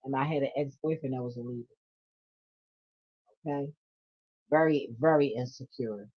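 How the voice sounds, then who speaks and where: A woman's voice: a bass voice, fairly even intonation, moderate pace. A woman doing a casual tarot reading vlog, blunt and profane, with laughing asides. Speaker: tarot reader. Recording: dull lo-fi audio.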